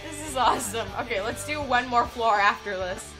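A young woman giving excitable, giggly commentary while playing a video game. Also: a little high, brisk, few pauses. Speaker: game streamer. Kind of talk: casual gameplay commentary. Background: faint game music.

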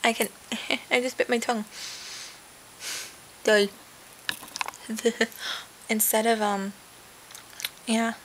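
A young woman chatting into a webcam from her bed, rambling from one aside to the next with lots of fillers. Her voice sits a bit high, and a faint hiss runs under the recording. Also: flat delivery, drawn-out words, long pauses, fairly bright tone, poor audio. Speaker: vlogger. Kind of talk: casual webcam vlog. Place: sitting in bed at home.

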